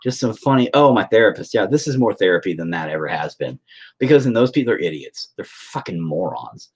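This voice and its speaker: A man talking loosely into his phone at home on a livestream, rambling from one story to the next. His voice is husky, and his pitch swings up and down as he tells his tales, with swearing scattered through. He sounds casual and unscripted. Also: sing-song, brisk. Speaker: livestreaming painter.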